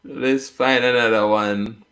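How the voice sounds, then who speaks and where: A man's voice: mid-range voice, steady tone, slow pace, fairly bright tone. A man hosting a casual chat, playfully explaining slang and reading viewer comments aloud. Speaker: host.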